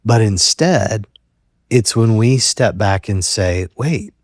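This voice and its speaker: A man hosting a counseling conversation, speaking gently and reflectively and thinking aloud by rephrasing his points. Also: fairly low pitch, slow pace, no echo. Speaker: host, therapist.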